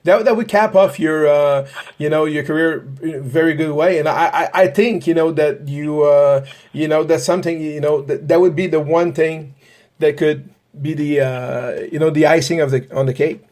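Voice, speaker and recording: A man with a fairly high voice hosts a casual podcast interview. He rambles and restarts often, stacking fillers as he circles toward his questions. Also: steady tone, normal speed, a little mellow. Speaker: podcast host, paranormal investigator.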